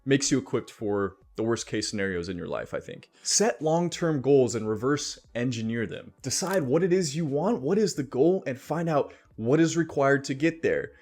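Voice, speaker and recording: Man, vlogger, casual advice, laid-back, chatty, middle pitch. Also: lively intonation, normal speed, hardly any pauses, darkish tone. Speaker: style and self-improvement vlogger. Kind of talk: casual advice vlog with sponsor read.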